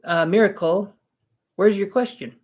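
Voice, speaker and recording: A man's voice: high voice, a little slow, darkish tone. A man giving live-stream tarot readings, chatty and rambling, making jokes at his own expense. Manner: rambling, self-mocking, chatty. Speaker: tarot reader.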